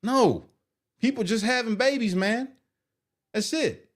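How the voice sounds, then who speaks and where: A man doing live commentary on viewer comments, animated and exasperated as he reads them aloud. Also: very high-pitched, unhurried. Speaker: streamer reacting to comments.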